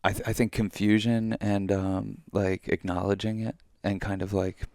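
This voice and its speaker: A deep, gravelly male voice in easygoing podcast chat. He rambles along with plenty of "like" and "um", unhurried and mellow. The sound is dry and close. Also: little pitch movement, no echo. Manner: laid-back, rambling, many fillers. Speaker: podcast co-host.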